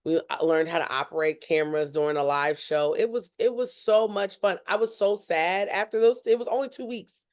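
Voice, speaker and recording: A young woman, a student journalist, telling her story as a podcast guest in an animated way and acting out what others said. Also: lowish voice, a little fast. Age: young adult. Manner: animated, acts out other people's lines. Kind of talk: casual interview storytelling.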